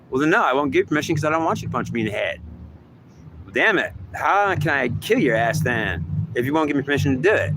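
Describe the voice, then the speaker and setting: Man, mid pitch, talking to himself in two sides of an argument; rambling, repetitive, profane. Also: a bit bright, a little hiss or hum. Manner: argues with himself, swearing and repeating. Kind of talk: rambling self-dialogue.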